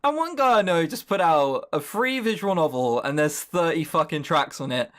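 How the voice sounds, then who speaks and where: A man hosting a let's-play, giving casual game commentary in a sweary, sarcastic, animated way. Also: fairly high pitch, moderate pace, hardly any pauses.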